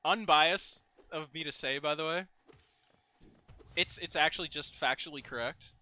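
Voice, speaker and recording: A man's voice: fairly high pitch, normal speed, sharp tone. A young man sick with a strained voice, casually commentating a game stream, rambling, giggling and swearing freely. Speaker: gaming streamer. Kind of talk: casual let's play commentary.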